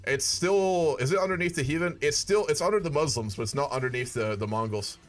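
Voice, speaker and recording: A man's voice: on the high side, fairly quick, faint music behind. A man giving casual, profane gameplay commentary with wry asides. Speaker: gaming video creator.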